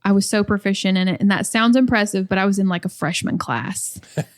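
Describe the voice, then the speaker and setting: A woman's voice: medium pitch, fast. A woman talking casually as a podcast guest, full of "like" fillers. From United States. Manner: chatty, many "like" fillers. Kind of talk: casual chat.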